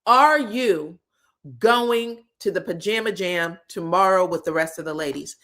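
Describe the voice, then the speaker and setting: A woman hosting a reality TV recap, talking casually and sassily, laughing often and acting out what the cast said. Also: lowish voice. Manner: animated and sassy, laughs a lot, acts out quotes.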